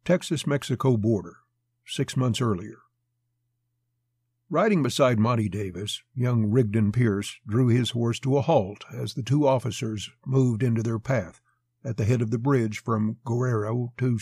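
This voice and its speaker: A man narrating a western novel in a steady storytelling voice. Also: medium pitch, moderate pace, breathy edge, dry recording. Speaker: audiobook narrator.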